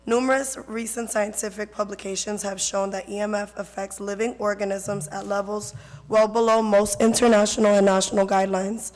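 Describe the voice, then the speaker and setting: Hoarse woman with a flat delivery at a council meeting. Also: mid-range voice, brisk. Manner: earnest, reads statistics, repeats her concerns. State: hoarse, losing her voice. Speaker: public commenter at a council meeting. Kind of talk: public comment speech. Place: council chamber. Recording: reverberant council chamber.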